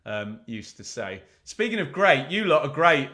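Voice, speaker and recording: A man's voice: on the high side, sing-song, normal speed, sharp tone. A man hosting a live football watch-along, chatting casually with viewers and reading their comments, with frequent "um" fillers.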